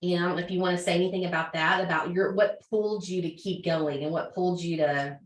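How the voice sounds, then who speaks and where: A woman's voice: lowish voice, steady tone, quick pace, slight background noise. Earnest woman, roomy and distant. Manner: earnest and emotional, many fillers and restarts. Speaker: team leader hosting a business call. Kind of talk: motivational talk on a video call.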